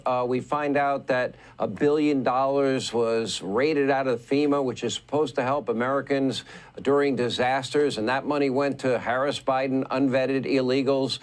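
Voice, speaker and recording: A man delivering scripted political commentary in an emphatic, driving way, leaning on repetition to push his points. His voice sits at a middle pitch. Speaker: commentary host.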